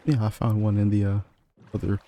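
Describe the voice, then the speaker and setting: A man's voice: on the low side, level tone, brisk, mellow. A man chatting playfully and easily with a friend while they play a game together. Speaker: gamer. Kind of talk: casual co-op gameplay chat.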